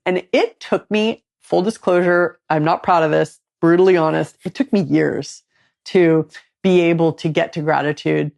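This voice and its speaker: Candid, low-voiced woman podcast host. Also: moderate pace, creaky. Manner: candid, confessional, lively storytelling. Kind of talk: casual conversation.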